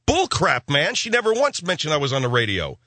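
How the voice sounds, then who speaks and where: A man's voice: fairly high pitch, wildly swooping pitch, brisk, pushed and bright, no echo. Sarcastic rambling male radio host. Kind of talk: comic radio monologue.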